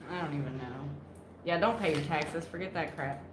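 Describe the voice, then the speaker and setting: A woman's voice: low voice, fairly quick. A woman co-hosting a casual podcast, chatty and teasing. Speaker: co-host. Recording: echoey room with faint background noise.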